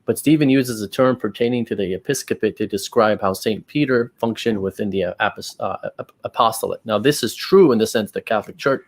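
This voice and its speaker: A man's voice: fairly low pitch, a little fast, few pauses. Man rebutting quoted text, emphatic. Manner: reads quotes aloud and rebuts them, exasperated and emphatic. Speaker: channel host. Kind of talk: casual apologetics discussion.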